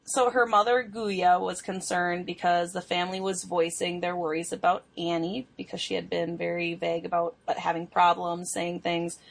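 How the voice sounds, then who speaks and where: Young woman podcaster, husky lowish voice, chatty, laughs a lot. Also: little pitch movement, normal speed, hardly any pauses. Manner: chatty storytelling, laughs often, swears. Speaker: podcast co-host telling a true crime case. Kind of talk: casual chat.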